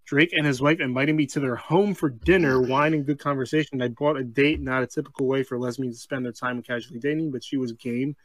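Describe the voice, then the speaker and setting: A man co-hosting a comedy podcast, reading a strange story aloud, breaking off for deadpan asides and laughing mid-sentence. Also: medium pitch, brisk, few pauses, no room sound. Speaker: podcast co-host.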